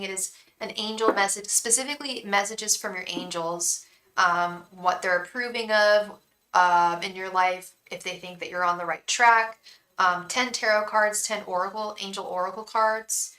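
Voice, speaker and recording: A young woman from the Bay Area runs a live tarot stream, her voice bright and forceful at a middle pitch. She chats casually with viewers and vents freely. Between stories she softly chants the same invocation to her spirit guides. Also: echoey room, poor audio. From San Francisco Bay Area. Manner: chatty, venting, repeats a chanted invocation.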